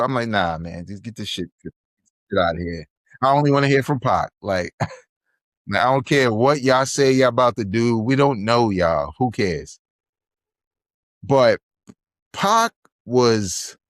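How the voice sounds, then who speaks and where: Animated man in his forties, podcast host. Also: mid-range voice, no room sound, clean studio sound. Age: 40s. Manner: animated storytelling, acting out quotes loudly. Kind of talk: casual review chat.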